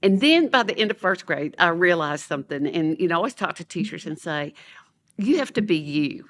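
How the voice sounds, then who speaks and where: A woman, an educator and podcast guest, telling stories with lively energy, laughing often and acting out what people said. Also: fairly low pitch, fast. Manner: animated, laughing storyteller who acts out quotes. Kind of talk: storytelling in a podcast interview.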